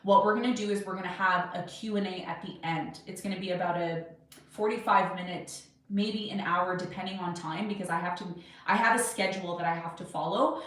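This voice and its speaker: A woman's voice: fairly low pitch, fairly even intonation, a little fast, fairly bright tone, distant mic. A woman in her thirties hosting an astrology livestream from her desk at home, chatting with viewers and answering their questions in a rambling, self-assured way. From Jamaican, Irish and Serbian heritage. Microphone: webcam or camera at a desk. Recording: very echoey room, voice set back from the mic.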